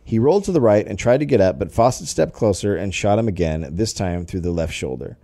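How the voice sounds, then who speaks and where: A man's voice: lowish voice, animated, brisk, warm tone, no room sound. A man co-hosting a comedy podcast, reading a history story aloud with jokey asides. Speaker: podcast co-host telling the story.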